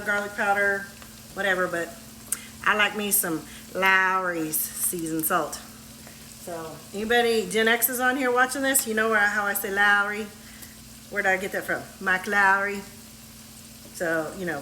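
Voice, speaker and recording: Her voice is medium-pitched, steady, and brisk, with slight background noise. A folksy home cook vlogger, she chats casually and laughs easily as she fries on the stove, the echoey kitchen full of a loud sizzling pan and stirring.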